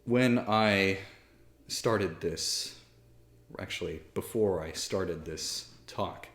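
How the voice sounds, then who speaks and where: Candid thirty-something priest, echoey room. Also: male voice, low voice, very slow, a bit bright. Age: 30s. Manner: candid, self-deprecating, many fillers and restarts. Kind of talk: casual spoken talk to camera. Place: library room with armchair.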